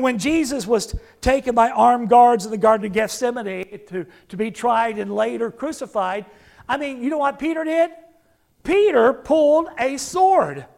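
A man's voice: extremely high pitch, creaky. A male pastor preaching a sermon, emphatic, acting out the words of the figures he quotes and putting questions to the congregation.

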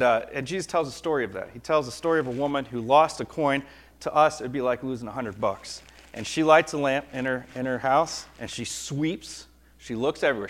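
A middle-aged man giving a lively, conversational children's sermon, often asking the kids "right?". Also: medium pitch.

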